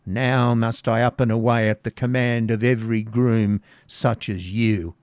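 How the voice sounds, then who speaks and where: A man's voice: medium pitch, little pitch movement, unhurried, darkish tone, no echo, clean studio sound, close to an everyday voice. A man voicing a spiteful, bitter old woman who mutters with scorn in a storybook reading. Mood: grumbling.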